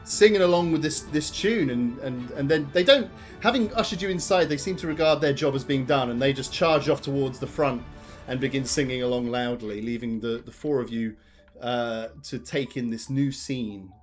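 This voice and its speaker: A man narrating as game master of a tabletop game, rambling with many pauses and restarts. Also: mid-range voice, soft background music.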